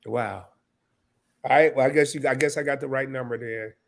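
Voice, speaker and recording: A man's voice: mid-range voice, moderate pace, vocal fry. A man in his fifties hosting a live stream, casual and emotional, sniffling and stammering through restarts as he talks. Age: 50s.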